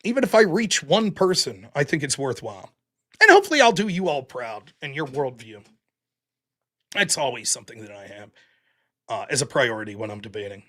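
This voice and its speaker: A man's voice: mid-range voice, sing-song, a little fast, pushed and bright. A man hosting his own live stream, talking casually to his audience in a blunt, rambling way with some mild profanity. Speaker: livestream show host.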